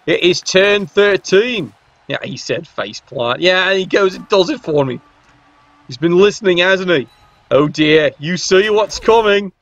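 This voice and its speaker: A man's voice: high-pitched, expressive, a little slow, a bit bright, no echo, muffled recording. A man giving casual, sarcastic play-by-play commentary on a video game match. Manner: cheeky, sarcastic banter.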